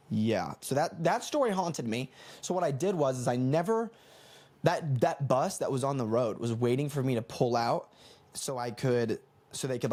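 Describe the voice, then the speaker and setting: Young man, rambling comedy podcast host, animated storytelling, mid pitch. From United States. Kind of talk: casual storytelling monologue.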